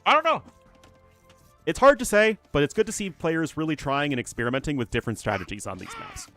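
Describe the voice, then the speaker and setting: A man's voice: a little high, wildly swooping pitch, fairly quick, fairly bright tone, soft background music. A man with a General American accent casting a live strategy game and chatting with viewers between plays. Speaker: esports caster.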